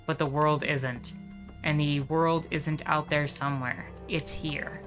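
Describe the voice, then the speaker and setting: A woman's voice: deep voice, steady tone, takes it slowly, soft background music. A woman reading as a grim small-town lady cop. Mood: grim warning. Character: stern small-town female cop, weary and ominous.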